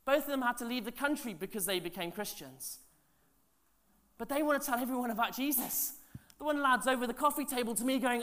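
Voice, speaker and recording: A man, a pastor telling stories in a sermon, animated and chatty with asides to the congregation, his voice swinging from loud to hushed. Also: very high-pitched, brisk. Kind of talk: sermon storytelling.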